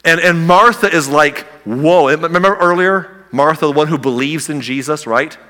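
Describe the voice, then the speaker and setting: A male pastor preaches with a bright, forceful voice pitched a bit high. He tells the story casually and with humor. The long reverb of a big church hall trails after every phrase. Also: moderate pace. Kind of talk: sermon.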